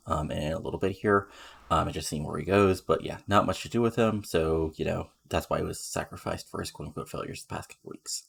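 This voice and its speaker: A man's voice: low voice, vocal fry, breathy edge. A man giving casual, rambling commentary on a game he is playing, with lots of fillers. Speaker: let's play commentator.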